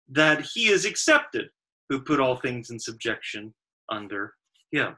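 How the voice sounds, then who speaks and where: A man's voice: mid-range voice, big pitch swings, unhurried, pushed and bright, low-quality recording. A man giving a Sabbath Bible study lecture, working carefully through verses and stressing strings of verbs one by one. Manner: methodical, stressing lists of verbs with emphasis. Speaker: Bible teacher.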